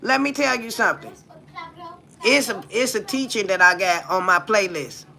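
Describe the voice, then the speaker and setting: Woman, livestream host, from the United States, gravelly fry, sharp bright tone, blunt profane talk. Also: mid-range voice, moderate pace. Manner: blunt, profane, peppers talk with rhetorical questions to viewers.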